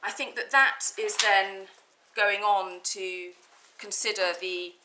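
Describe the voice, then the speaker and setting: A woman's voice: mid-range voice, fairly even intonation, takes it slowly, noisy background. A woman barrister making methodical legal submissions in an appeal courtroom, reading from documents with some restarts.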